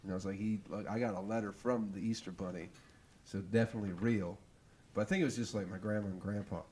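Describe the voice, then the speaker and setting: A comedian in a casual podcast chat, easygoing and wry. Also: male voice, on the low side, steady tone, fast, a little mellow, a little hiss or hum. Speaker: comedian guest.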